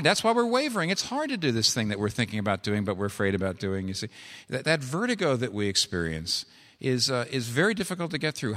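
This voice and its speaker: Low-voiced preacher in a reverberant hall. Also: male voice, fairly bright tone. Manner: earnest, rising to urgent exhortation. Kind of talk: sermon.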